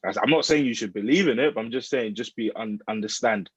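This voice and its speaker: A man's voice: lowish voice, quick pace, slightly rough, no room sound. A man co-hosting a podcast, opinionated and teasing. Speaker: podcast co-host. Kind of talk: casual chat. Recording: dull dry lo-fi sound.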